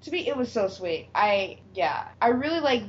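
A woman's voice: fairly high pitch, moderate pace. A woman co-hosting a casual chat about a TV episode, acting out characters' lines and laughing often. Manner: animated, acts out quoted lines, laughs often. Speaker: podcast co-host. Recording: dull lo-fi sound with faint noise.

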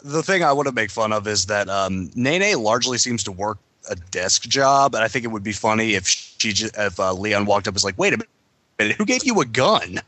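A man's voice: lowish voice, a little fast, bright, forceful tone, no echo. A man co-hosting a casual podcast chat with wry, joking asides.

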